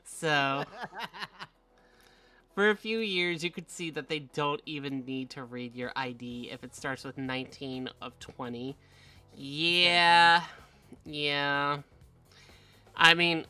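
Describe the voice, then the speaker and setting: Woman streamer, casual chat, bright tone, lowish voice, faint music behind. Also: smooth. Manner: animated storytelling with frequent laughs and acted-out voices.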